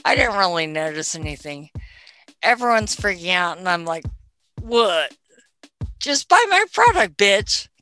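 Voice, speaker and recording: A woman's voice: big pitch swings, measured pace, pauses often, sharp tone, smooth, faint music behind, exaggerated voice. A woman playing a spacey stoner girl. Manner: spacey, valley-girl chatter with sudden shrill outbursts. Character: ditzy young female stoner selling edibles. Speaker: comedy sketch character. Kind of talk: comedic character monologue.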